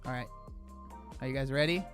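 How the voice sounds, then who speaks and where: A man live-streaming in a casual chat, animated and incredulous as he talks to his viewers. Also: mid-range voice, a little fast, faint music behind.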